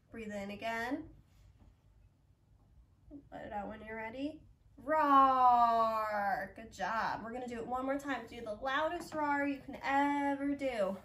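A young woman, a library yoga instructor, gently coaxing children through a breathing lesson. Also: on the high side, distant mic. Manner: encouraging, coaxing, talks slowly to children. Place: library room, indoors.

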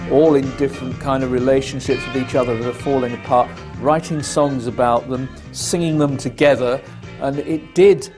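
A man with a gravelly, husky voice giving documentary commentary on music. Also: mid-range voice.

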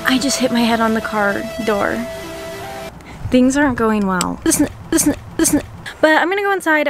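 Young female vlogger, higher voice, chatty and self-mocking, talks to a handheld camera. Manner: rambling, frazzled and self-mocking. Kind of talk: casual vlog chat to camera. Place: out and about, stores and car.

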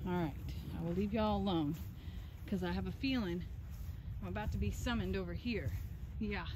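Talking to the camera at a moderate pace in a mid-range voice, a Texan woman vlogs casually from outdoors on her farm. She teases and chats with her animals while the background stays noisy.

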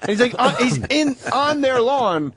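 A man on a radio talk show, telling a story and acting out the people in it with loud, excited voices. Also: extremely high pitch, normal speed, dry recording. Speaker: guest comedian.

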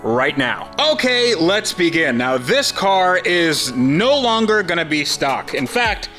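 A man in his thirties hosting a casual car-build video, animated and self-deprecating, with a sponsor read. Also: a little high, takes it slowly, faint music behind. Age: 30s. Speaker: host.

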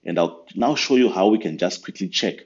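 A man giving a patient step-by-step software tutorial over a screen recording. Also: deep voice, brisk, dull audio. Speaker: software trainer.

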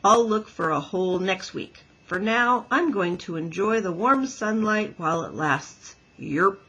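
A woman voicing an easygoing frog with a loud, croaky drawl. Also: mid-range voice, lively intonation, measured pace, low-quality recording. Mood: lazy.

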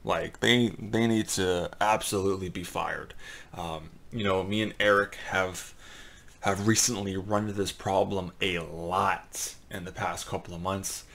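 A man hosting a gaming channel, talking casually and ranting in frustration, swearing often and filling pauses with "um" and "like.". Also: sits low, steady tone, vocal fry, fairly bright tone. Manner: frustrated, profane ranting with fillers. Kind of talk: casual commentary.

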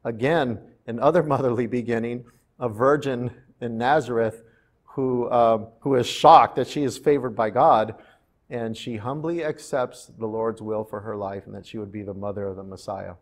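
A man's voice: medium pitch, moderate pace. Man preaching a storytelling sermon. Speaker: pastor. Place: church.

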